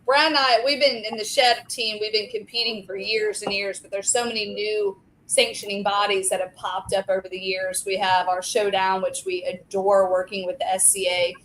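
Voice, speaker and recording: A woman's voice: medium pitch, steady tone, moderate pace, hardly any pauses, a bit bright, slight background noise, poor audio. A woman in her forties, a restaurant co-owner and guest, chatting in a talkative, enthusiastic way. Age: 40s. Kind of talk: casual chat.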